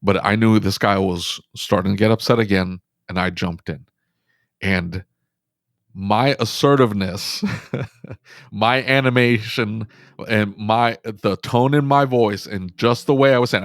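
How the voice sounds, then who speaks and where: A man who owns a repair shop, telling a story on a podcast in an animated, emphatic way with quick bursts of speech. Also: lowish voice, no echo, studio quality. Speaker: auto repair shop owner, podcast guest. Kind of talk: casual storytelling conversation.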